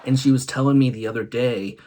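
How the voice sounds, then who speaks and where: A man's voice: medium pitch, fairly even intonation, a little fast, background noise. A man hosting a vlog, telling comic stories and laughing often between punchlines. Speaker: host. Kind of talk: comic storytelling monologue.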